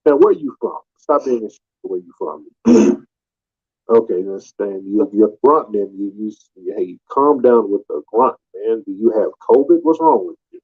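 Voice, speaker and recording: A man's voice: lowish voice, expressive, normal speed, slightly rough. A man hosting a live call-in audio stream, talking in a mocking, taunting way and repeating his questions, heard through muffled lo-fi stream audio. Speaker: live audio room host. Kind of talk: combative live call-in talk.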